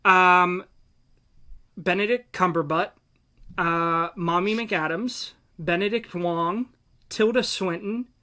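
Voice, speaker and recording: A young man with a bright, forceful voice, talking excitedly on a casual podcast. He rambles into tangents and fills gaps with ums and uhs. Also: sits high, slow. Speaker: podcast co-host. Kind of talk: casual chat.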